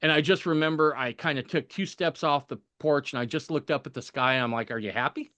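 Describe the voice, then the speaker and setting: On a podcast, a man tells a personal story casually and with animation, acting out the voices of the people he quotes. His voice is a little high and brisk, with no echo.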